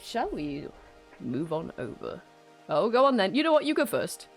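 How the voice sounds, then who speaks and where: A woman's voice: mid-range voice, big pitch swings, moderate pace, soft background music. A woman streaming live in casual chat, greeting viewers by name and laughing often as she works from home.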